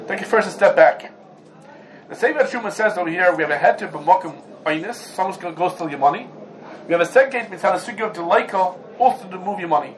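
Male Torah teacher, high pitch, animated lecture with rhetorical questions, faint room hiss. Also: low-quality recording. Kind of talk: Talmudic lecture.

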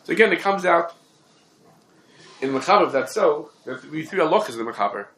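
A man's voice: fairly high pitch, expressive, a bit bright, a little hiss or hum. Man giving an echoey Talmudic lecture. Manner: rapid, question-and-answer reasoning. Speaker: Torah teacher.

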